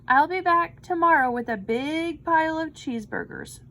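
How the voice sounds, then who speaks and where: A woman voicing an earnest young boy who pleads for his pet in a storybook reading, his lines pitched high and eager. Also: moderate pace, sharp tone, slight background noise, full character voice. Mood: pleading.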